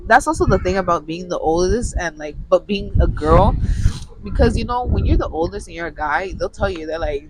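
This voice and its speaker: A woman's voice: on the low side, background noise. A young woman on a podcast, talking in a casual, rambling way and often restarting her sentences. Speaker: podcast co-host. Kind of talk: casual chat. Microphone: studio mic.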